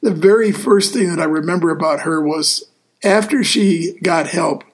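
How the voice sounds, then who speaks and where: A man hosting a casual talk show as a deacon, speaking in an earnest, easygoing way with frequent pauses. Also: a little high. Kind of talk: casual radio show chat.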